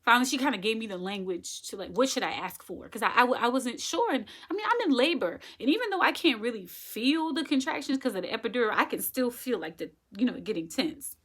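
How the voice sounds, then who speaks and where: A woman's voice: on the high side, lively intonation, fast talker, hardly any pauses, fairly bright tone. A woman casually telling a personal story, retelling it emphatically and acting out what people said. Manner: emphatic, vivid retelling that acts out quoted dialogue. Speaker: woman sharing her birth story.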